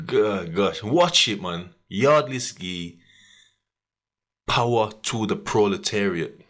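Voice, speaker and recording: A young man, hosting a podcast and telling a story in slangy, animated casual chat, laughing often and acting out what people said. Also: lowish voice, takes it slowly. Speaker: podcast host.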